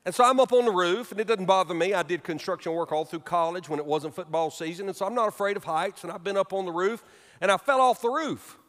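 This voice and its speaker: Man, pastor, sermon, high-pitched, animated storytelling, long church-hall reverb. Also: quick pace. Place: church sanctuary.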